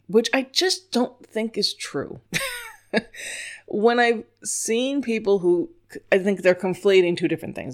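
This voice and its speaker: A woman's voice: fairly low pitch, a little mellow. A woman from New York who trains scent work dogs, giving an informal teaching talk in a chatty, emphatic way and often laughing at her own points.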